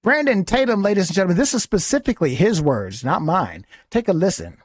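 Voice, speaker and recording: A man's voice: high-pitched, very animated, brisk, dry recording, studio quality. A man hosting a podcast, giving a heated, taunting, profane commentary monologue. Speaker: podcast host.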